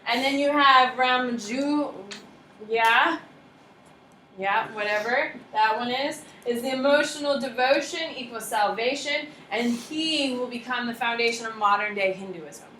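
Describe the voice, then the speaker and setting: A woman's voice: fairly high pitch, unhurried, sharp tone, roomy sound, slight background noise, poor audio. A woman teaching a lecture class, chatty and self-deprecating, often asking the class questions.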